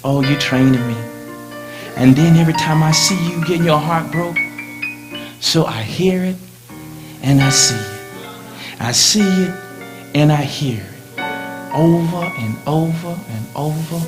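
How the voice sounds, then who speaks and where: A male preacher delivering a sermon in a dramatic way, swinging from loud lines to hushed ones as he tells a story in the first person. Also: on the high side, moderate pace, long pauses, over music.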